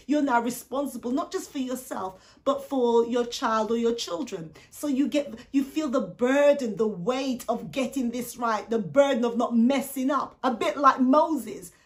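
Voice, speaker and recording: High-voiced woman preaching as a life coach. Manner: animated, acts out voices of people in the story; addresses the viewer directly with rhetorical questions. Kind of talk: faith-based coaching talk.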